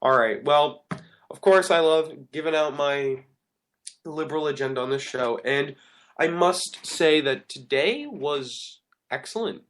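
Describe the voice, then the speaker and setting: This radio talk-show host rambles earnestly through a monologue, regularly stopping to correct himself mid-sentence. He speaks a little slowly, his voice on the high side with a fairly bright tone.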